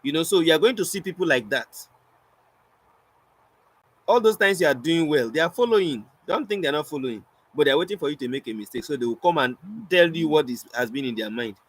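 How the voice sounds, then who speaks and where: A man's voice: fairly high pitch, expressive, fairly quick, slightly rough, poor audio. A young Nigerian man, a spoken word poet, teaching in a casual storytelling way, acting out both sides of his anecdotes and slipping into pidgin.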